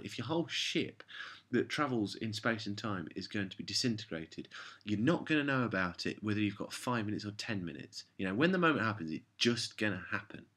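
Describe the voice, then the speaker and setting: A man's voice: mid-range voice, a bit bright, husky. A man delivering a casual, rambling review monologue, sarcastic and exasperated. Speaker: show reviewer.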